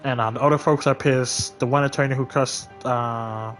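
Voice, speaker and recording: A man's voice: mid-range voice, fairly even intonation, normal speed, fairly bright tone, faint music behind. A man streaming a game, casually telling a story in a blunt, venting, profane way. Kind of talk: casual storytelling while gaming.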